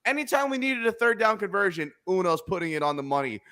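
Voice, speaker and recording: A man hosting a casual sports talk show, excitable and emphatic, hammering his points home with repetition. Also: high-pitched, quick pace. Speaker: podcast host.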